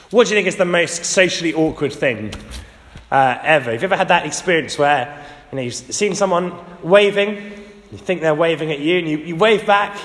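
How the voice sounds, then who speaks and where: A man gives a sermon from the front of a church, chatty and wry, acting out the quotes he reads. His voice sits a little high. Long reverb from the church hall trails behind each phrase. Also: a bit bright. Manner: conversational, lightly humorous, acts out quotes. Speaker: preacher.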